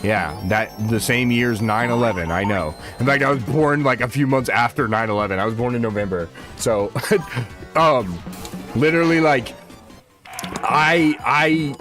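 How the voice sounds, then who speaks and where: A man's voice: medium pitch, measured pace, fairly bright tone. A man in his twenties chatting casually to viewers while streaming a game, rambling and slangy. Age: 20s. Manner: rambling, slangy, talks to chat. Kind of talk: casual livestream chat. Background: game music.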